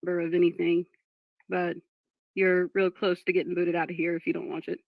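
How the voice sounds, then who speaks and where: A woman's voice: on the low side, little pitch movement, a little fast, vocal fry, no echo. A woman talking casually on a live stream, frustrated and distracted while reading chat and apologizing. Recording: dull dry lo-fi mic.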